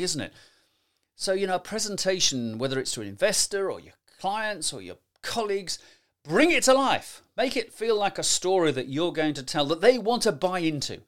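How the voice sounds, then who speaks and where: A middle-aged man gives lively, emphatic podcast advice on presenting, often tagging his points with rhetorical questions. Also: a little high. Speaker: presentation skills coach. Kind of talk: solo podcast advice talk.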